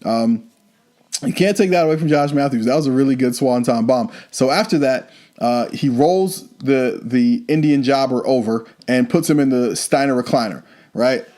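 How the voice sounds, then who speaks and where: A man's voice: mid-range voice, moderate pace, mellow. Chatty man recapping wrestling. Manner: loose, chatty retelling with many fillers and asides. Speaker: wrestling podcast host. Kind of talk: casual recap commentary.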